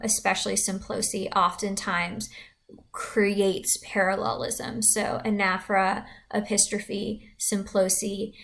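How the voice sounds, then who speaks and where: Woman teacher walking thru a lesson, chatty, says um a lot. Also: mid-range voice. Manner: casual, explanatory, with fillers. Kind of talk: recorded classroom lesson.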